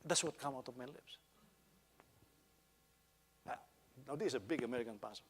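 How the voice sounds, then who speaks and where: A man's voice: mid-range voice, normal speed, husky, long reverb tail. A man with a Filipino accent, a pastor telling a personal story in a sermon and rising into emphatic exhortation. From Philippines.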